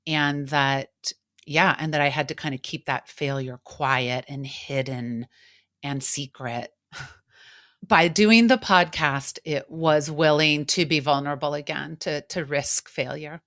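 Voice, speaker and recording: A middle-aged woman coach talking candidly and reflectively about her work and feelings, with lively acted-out quotes. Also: sits low, unhurried. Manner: candid, emotional, animated quotes. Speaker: coach and podcast host. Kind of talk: reflective casual conversation.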